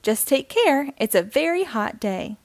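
Woman doing a soft caring mom voice, gentle. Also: high-pitched, very animated, unhurried, gravelly, no echo, exaggerated voice. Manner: warm, caring.

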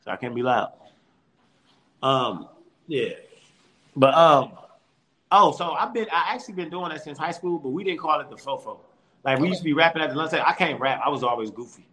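A man, a comedian, telling stories in a casual interview from home over a call, animated and laughing often, with quick restarts. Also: fairly high pitch. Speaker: comedian guest.

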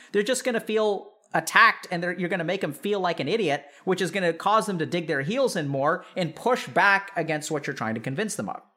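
A man speaks in a notably high voice to a live chat audience. He is a psychiatrist and talks loosely and animatedly. He peppers his talk with "like" and calls his listeners y'all. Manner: animated, full of "like" fillers, addresses listeners as y'all.

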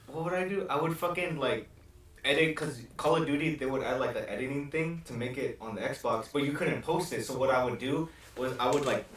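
A young man co-hosting a podcast in a casual chat, telling stories animated and cursing often. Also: mid-range voice. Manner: swears a lot, animated storytelling. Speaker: podcast co-host. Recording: echoey room, mic far off.

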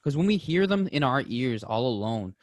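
A young male podcast co-host chats casually, telling stories with animated energy at a normal pace. He leaps into high, excited voices to quote people and goes soft and low for heavier moments, and there's no echo.

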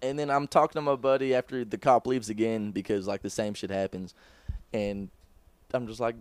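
A man's voice: mid-range voice, fast, no echo. A young man co-hosting a podcast, telling a story in casual chat, swearing often and acting out what others said. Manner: animated, swears a lot, acts out quotes. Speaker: podcast co-host. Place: small room, close mic.

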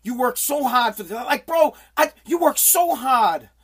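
A man's voice: very high-pitched, animated, unhurried, husky, exaggerated voice. A man playing an understanding, sweet-talking wife in a soothing, agreeable tone during a comic rant.

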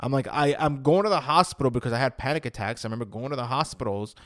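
A man's voice: mid-range voice, fast talker, a bit bright, no room sound, studio quality. Earnest man telling a personal story. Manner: earnest, emotional, acts out his past thoughts with "I'm like". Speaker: vlogger sharing his personal story.

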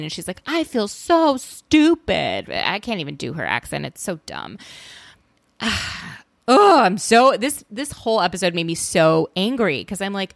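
A woman's voice: medium pitch, fairly bright tone, dry recording, studio quality. A woman hosting a solo recap podcast, chatty, opinionated and often exasperated. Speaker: podcast host.

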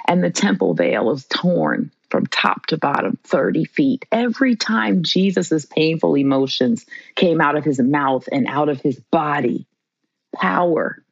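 A woman's voice: fairly low pitch, gravelly, no room sound, lo-fi sound. A woman, a trauma therapist as guest, teaching in a fervent, preacherly way and repeating lines for emphasis. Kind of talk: impassioned sermon-like teaching.

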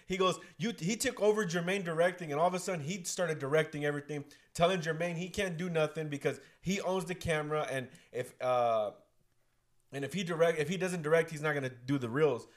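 A man's voice: a little high, brisk. A man, a podcast guest who directs films, telling a story in casual chat, acting out quoted dialogue and swearing.

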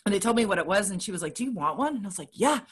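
A woman's voice: mid-range voice, animated, rapid-fire, breathy edge. A woman chatting casually, candid and dramatic as she tells a personal story. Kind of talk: casual chat about surgery recovery.

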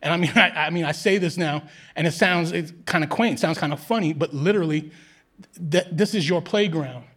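A man explaining the past in a thoughtful, measured way at a live show, often restarting with "I mean". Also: a little high, fairly bright tone. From Queens, New York. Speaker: panel guest.

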